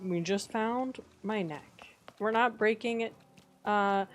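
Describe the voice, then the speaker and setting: A woman live streamer chatting casually over her game, talking to herself and her chat. She sounds playfully exasperated, swears in jest, and swings up into excited squeals. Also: medium pitch, takes it slowly, a little hiss or hum.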